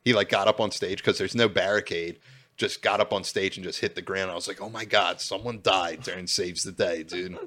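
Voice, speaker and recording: A man's voice: low-pitched, steady tone, fairly quick, bright, forceful tone. A man co-hosting a podcast, telling laid-back stories and saying "dude" constantly. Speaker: podcast co-host. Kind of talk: casual storytelling chat.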